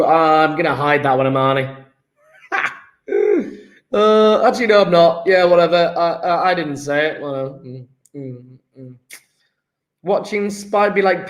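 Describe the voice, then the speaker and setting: In a live-streamed online lesson, a male teacher takes the register, chats and jokes with his class, and reads out messages from the student chat. His voice is high and unhurried, with a reverberant sound.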